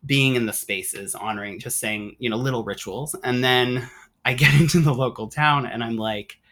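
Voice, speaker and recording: Excitable rambling male storyteller. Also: medium pitch, moderate pace. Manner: excited, rambling, full of "like" and restarts. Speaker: podcast guest. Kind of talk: casual storytelling.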